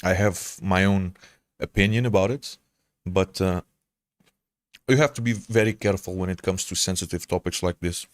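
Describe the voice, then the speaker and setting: Streamer, man with a blended Portuguese accent, lowish voice, dry close mic, halting chatty delivery. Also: no echo. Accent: Portuguese, mixed. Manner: hesitant, stammers and restarts, calls people brother. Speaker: game streamer. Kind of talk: casual chat answering viewers.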